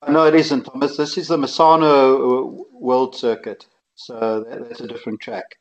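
A man's voice: mid-range voice, little pitch movement, moderate pace. Chatty man on a dull line. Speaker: co-host. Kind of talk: casual radio chat.

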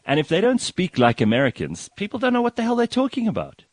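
Animated male radio host, teasing, dry close sound. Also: high voice, fast, no echo. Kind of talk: casual radio chat.

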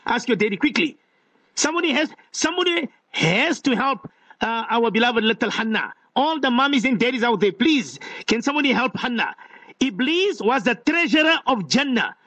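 A man's voice: very high voice, expressive, normal speed, bright, forceful tone, muffled recording. A man hosting a live radio call-in show, playful and coaxing, stretching words for emphasis. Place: radio studio.

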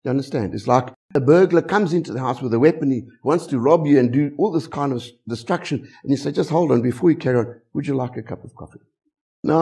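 A middle-aged South African English pastor preaches a sermon full of animated storytelling and rhetorical questions. His voice sits at medium pitch with a breathy edge.

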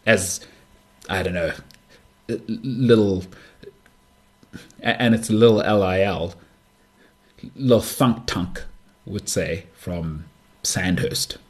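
Brief: South African male podcast host, 30s, husky low voice, loose joking monologue. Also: slow pace, pauses often. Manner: joking, rambling, full of asides and restarts. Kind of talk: casual solo podcast monologue.

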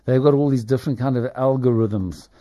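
Rambling radio host. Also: male voice, mid-range voice, fairly quick. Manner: rambling and digressive, many fillers and restarts; storytelling with animated asides. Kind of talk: business radio commentary.

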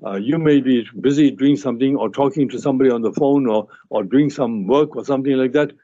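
A man's voice: medium pitch, fast talker, dark tone, breathy edge, no echo. A man, a family physician, giving advice on a radio talk show in an earnest, explanatory way with frequent restarts and fillers. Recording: muffled radio broadcast.

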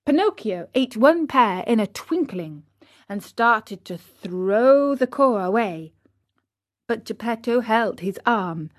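A woman narrating a children's story in a clear, unhurried scripted reading. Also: a little high, lively intonation, dry recording, studio quality.

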